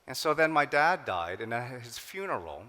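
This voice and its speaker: A middle-aged man from the United States gives a keynote talk, telling his story with animated quoted voices and Korean phrases mixed in. His tone is bright and forceful, and a long reverb from the big hall trails each line. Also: medium pitch, moderate pace. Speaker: keynote speaker. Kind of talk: forum talk. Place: large hall.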